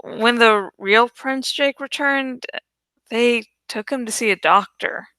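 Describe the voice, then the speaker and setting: A woman reading a novel aloud in first-person audiobook narration, slow and deliberate. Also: on the high side, sharp tone, clear, resonant tone, no echo. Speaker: audiobook reader.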